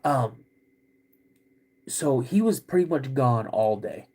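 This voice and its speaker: A podcast host telling a personal story in a halting, casual way, with many restarts. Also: male voice, mid-range voice, lively intonation, a little mellow.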